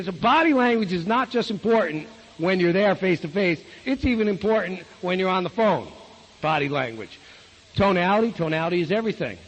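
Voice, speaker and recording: Blunt high-voiced man in echoey hall. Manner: blunt, folksy, asks the audience rhetorical questions. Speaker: business opportunity trainer. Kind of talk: live sales training talk. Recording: echoey hall with long reverb.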